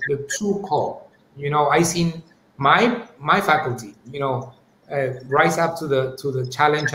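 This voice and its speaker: A man answers live-stream interview questions, thinking aloud with frequent restarts and tag questions. His voice sits somewhat high. The recording is roomy and echoey, with a faint hum of ambient noise behind him. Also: a bit bright. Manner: thoughtful, many restarts and "you know", "right?". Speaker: university leader, interview guest.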